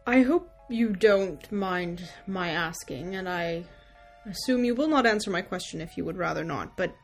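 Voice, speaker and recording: A woman's voice: lowish voice, animated, normal speed, soft background music. A woman player at a tabletop game, speaking in formal, polite phrasing.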